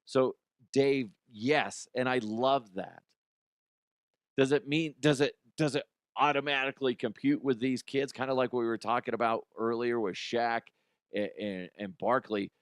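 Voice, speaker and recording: Middle-aged man, podcast host, blunt, profane, bursts into loud acted quotes, average pitch, dry close sound. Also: fairly even intonation, unhurried, no echo. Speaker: podcast host and youth coach. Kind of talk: casual monologue.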